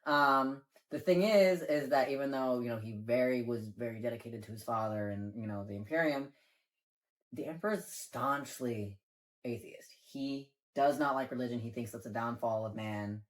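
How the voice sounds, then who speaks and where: A man co-hosts a casual chat, speaking at a normal speed in a mid-range voice. He rambles through explanations of game lore, leaning on filler words and swearing now and then.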